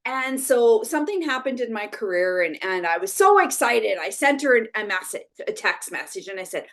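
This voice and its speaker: Animated woman telling stories. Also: on the high side, normal speed. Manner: animated storyteller, tags "right?". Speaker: brand expert guest. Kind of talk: conversational interview.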